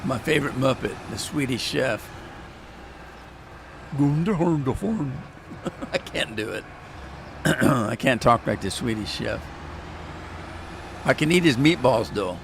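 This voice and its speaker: A man's voice: mid-range voice, animated, unhurried, vocal fry, pauses often, noisy background. A man casually talking through a farming game on a live stream, joking with his chat. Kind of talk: casual gameplay commentary.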